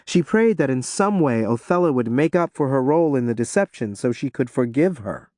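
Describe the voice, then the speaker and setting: A man narrating an audiobook in an expressive storytelling manner. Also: mid-range voice, a little fast, no echo, studio quality.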